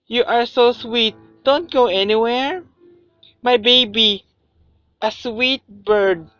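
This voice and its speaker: A fragile young woman, dazed and doting, her voice lifted high and sweet, as a man puts her on. The sound is dry and close, with a bright but slightly dull tone. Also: slow, clean tone, no echo, soft background music, exaggerated voice.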